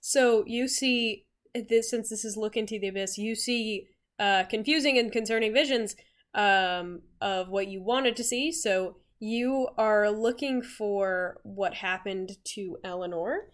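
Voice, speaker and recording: Slow-paced woman game master. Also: mid-range voice. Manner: unhurried, filler-heavy narration. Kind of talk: narrating a tabletop game.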